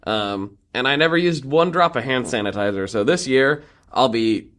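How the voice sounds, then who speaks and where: A man co-hosting a podcast in casual chat, talkative and joking, quick to laugh. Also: mid-range voice, animated, a bit bright. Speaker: podcast co-host.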